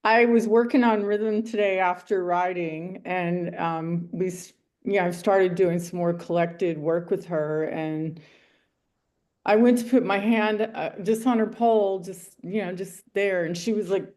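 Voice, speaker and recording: A woman's voice: on the low side, measured pace. A woman group member talking casually on a video call about working with her horse. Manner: relaxed, chatty, laughs as she talks.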